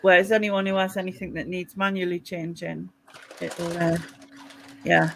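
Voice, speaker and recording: A woman's voice: fairly low pitch, flat delivery, normal speed, vocal fry, noisy background. A woman hosting a late-night group video chat, talking in a chatty, puzzled way and laughing often. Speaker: livestream host. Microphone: video call.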